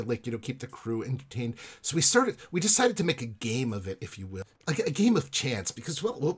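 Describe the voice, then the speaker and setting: A husky-voiced female ship's officer, as a man puts her on, all faltering courtesy and tangled restarts. She hedges every harsh point with polite filler on a pirate-tinged radio play. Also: mid-range voice. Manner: hesitant, halting restarts. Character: woman ship's officer, smooth-talking, falsely reasonable.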